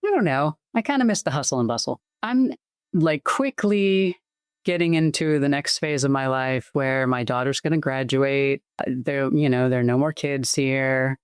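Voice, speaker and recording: A woman's voice: extremely low pitch, smooth, no echo. Podcast guest: middle-aged woman with a light Boston accent, rambling, chatty, dry close mic. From Massachusetts. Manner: chatty, rambling, quick asides. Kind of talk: casual interview chat.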